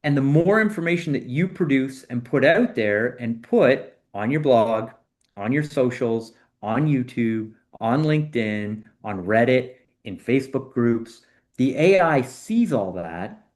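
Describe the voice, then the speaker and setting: A man guest on a podcast interview, explaining his work in an animated way that speeds up and slows down to stress points. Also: mid-range voice. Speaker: AI consultant guest.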